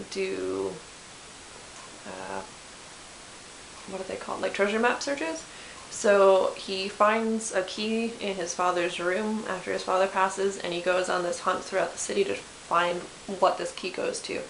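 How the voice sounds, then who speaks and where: A woman's voice: medium pitch, gravelly. A woman in her twenties chatting casually about books she loves, with lots of fillers and self-corrections. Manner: chatty, self-deprecating, many fillers and restarts. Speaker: book vlogger. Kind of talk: casual chat. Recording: echoey room with faint hiss.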